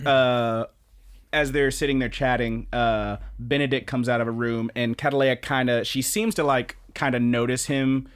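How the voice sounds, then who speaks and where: A man's voice: mid-range voice, fairly even intonation, unhurried, clear, resonant tone. A man co-hosting a podcast, recapping anime episodes in a rambling, profane casual chat full of fillers and restarts. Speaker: podcast co-host.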